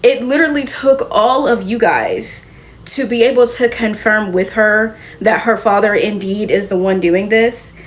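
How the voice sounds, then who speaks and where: A woman hosting a casual comic book review, retelling the story in a lively, profane way with quick laughs. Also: medium pitch. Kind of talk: casual recap and reaction.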